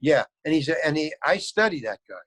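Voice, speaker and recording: Older male actor guest, higher-than-usual voice, loose rambling storyteller, dry close recording. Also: big pitch swings, fast, a bit bright, no room sound, poor audio. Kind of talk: casual interview storytelling.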